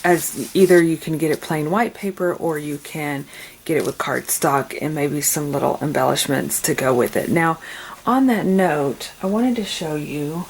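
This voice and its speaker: A woman hosting a craft channel, talking casually through a tutorial at home late at night in a low-key, quiet monotone. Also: normal speed, creaky, slight background noise.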